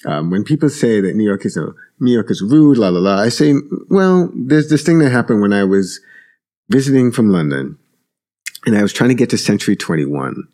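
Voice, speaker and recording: A man's voice: on the low side, very animated, a little fast, warm tone. A man co-hosting a casual talk podcast, telling stories loosely with many fillers and restarts. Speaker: podcast co-host. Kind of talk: casual conversation.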